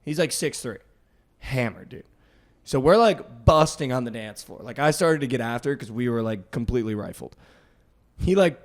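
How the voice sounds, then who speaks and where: A young man telling a rambling party story on a podcast, peppering every phrase with "like". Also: medium pitch. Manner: rambling, heavy use of "like", quick swings in loudness. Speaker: podcast host. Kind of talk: casual storytelling chat.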